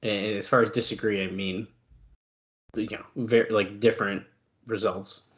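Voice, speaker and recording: A man's voice: on the low side, little pitch movement, moderate pace. A man co-hosting a casual wrestling podcast, rambling along with lots of fillers. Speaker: podcast co-host.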